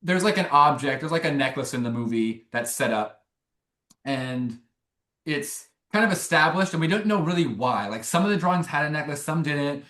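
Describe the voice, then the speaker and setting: A young man, a filmmaker guest, telling a long story in a rambling, animated way with many restarts. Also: on the high side, normal speed, echoey room. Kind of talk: casual interview storytelling.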